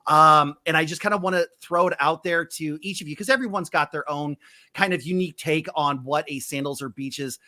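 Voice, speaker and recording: A man's voice: on the high side, fairly quick, bright, forceful tone, no room sound. A man hosting a casual live stream as a travel agent, upbeat and playfully teasing his guests on a video call.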